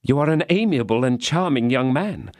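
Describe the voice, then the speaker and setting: A woman's voice: a bass voice, expressive, moderate pace, darkish tone, no echo, voice pushed up. A man voicing a frightened, urgent young woman. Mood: earnest. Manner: pleading, breathless urgency. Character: anxious young woman, loyal and fearful.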